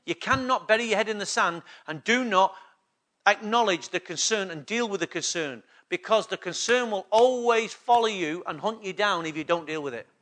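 Bright, high-voiced preaching man. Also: lively intonation, moderate pace. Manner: emphatic preaching with repeated call-and-response questions. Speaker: pastor. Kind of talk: sermon.

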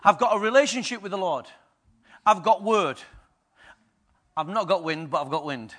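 Bright high-voiced man preaching. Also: normal speed. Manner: rhetorical questions to the congregation, swinging from quiet to loud. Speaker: pastor. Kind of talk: sermon.

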